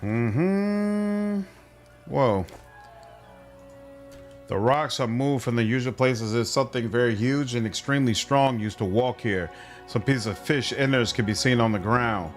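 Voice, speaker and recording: Over faint game music, a medium-pitched man chats casually while streaming a role-playing game. He speaks a little slowly, stays relaxed, and reads the in-game text out loud.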